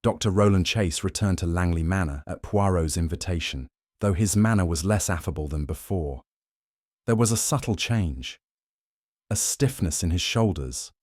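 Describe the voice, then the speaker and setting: A man reading a mystery audiobook as first-person narration in a measured, even way. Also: sits low, no room sound, studio quality.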